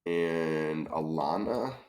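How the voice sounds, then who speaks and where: A man's voice: extremely low pitch, very slow, darkish tone. A man solving a crossword aloud, musing tentatively and often trailing off with questions. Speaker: crossword solver. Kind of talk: thinking-aloud puzzle solve.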